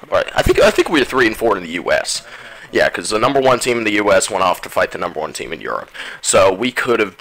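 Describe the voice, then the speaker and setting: Gravelly low-voiced man swearing casually. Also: bright, forceful tone, poor audio. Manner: rambling, profane, searching for names. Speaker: gaming vlogger. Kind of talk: casual storytelling monologue.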